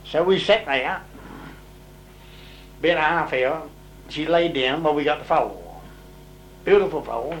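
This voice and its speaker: A man's voice: on the high side, unhurried, pauses often, a little hiss or hum, low-quality recording. Older man telling stories. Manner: rambling, dialect grammar, lively when voicing others' words. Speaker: interviewee telling old farm stories. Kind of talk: casual storytelling.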